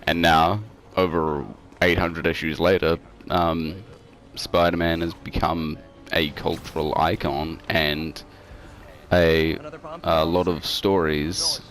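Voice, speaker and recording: A man with an extremely deep, low-pitched voice co-hosts a casual online chat show. He rambles through a story with plenty of ums and restarts, heard over an online call. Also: little pitch movement, slow pace, a bit bright. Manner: rambling, filler-heavy storytelling. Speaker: co-host. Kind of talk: casual podcast chat over a game stream. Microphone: home mic over an online call.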